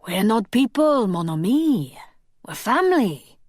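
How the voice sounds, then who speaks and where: A woman voicing a calm, soothing French vampire man with a French accent. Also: high voice, a little slow, no echo, clean studio sound, pitched above the performer's own voice, exaggerated voice. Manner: soft-spoken, soothing.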